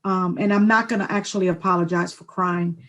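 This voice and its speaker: A woman from New York, a former educator co-hosting a podcast, speaking emotionally with soft laughs. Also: lowish voice, steady tone, brisk, poor audio. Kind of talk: casual podcast chat.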